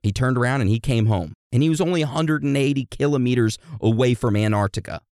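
A man's voice: medium pitch, quick pace, a little mellow, no echo, studio quality. A man hosting a podcast, telling history in a casual, joking, profane way. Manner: addresses co-host like a teacher. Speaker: podcast host.

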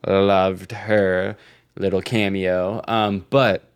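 A man with a somewhat low voice chats casually as a podcast co-host. He tells stories with lots of swearing and frequent laughter. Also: flat delivery, drawn-out words, clear, resonant tone. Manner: laughing, profane, storytelling. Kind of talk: casual chat.

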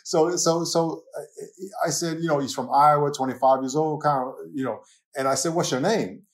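An older man with a New York accent, a pastor and author talking as a podcast guest, animated and laughing often as he tells stories. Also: fairly high pitch, moderate pace. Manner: animated storyteller, laughs often, slips into acted quotes. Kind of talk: conversational podcast interview.

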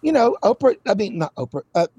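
Drag guest, Southern man, husky, drawling, campy, dry close mic. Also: high-pitched, very animated, fast, dark tone, no room sound, muffled recording. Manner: theatrical drawl, calls people darling. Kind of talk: campy banter.

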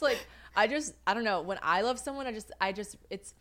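A woman's voice: medium pitch, expressive, moderate pace, fairly bright tone. A young woman co-hosting a podcast in casual chat, bubbly and full of laughs, swearing freely. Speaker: podcast co-host.

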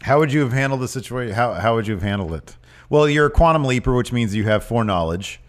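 A man's voice: mid-range voice, lively intonation, fast talker. A man co-hosting a casual podcast, joking and riffing through wrestling hypotheticals. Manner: jokey, riffing, slips into impressions. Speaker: podcast co-host. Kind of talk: casual chat.

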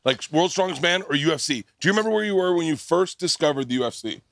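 A man hosting a casual comedy podcast recorded live at a festival, telling animated stories and swearing freely. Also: fairly high pitch, quick pace, no room sound, studio quality. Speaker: podcast host.

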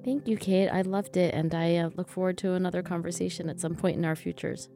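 A woman psychologist and author being interviewed, speaking in an earnest, thoughtful way with quick restarts. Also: on the low side, steady tone, gravelly, mellow, soft background music. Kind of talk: interview conversation.

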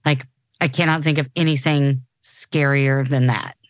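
A woman's voice: rumbling low, fairly even intonation, unhurried, dry recording. A woman in her forties co-hosting a podcast in casual chat, talking loosely with many restarts. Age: 40s. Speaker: podcast co-host.

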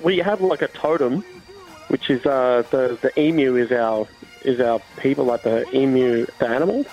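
A man's voice: medium pitch, moderate pace, darkish tone, lo-fi sound, soft background music. A comedian from Australia, a man chatting casually and laughing at himself. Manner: laughing, self-deprecating, chatty. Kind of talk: casual phone chat.

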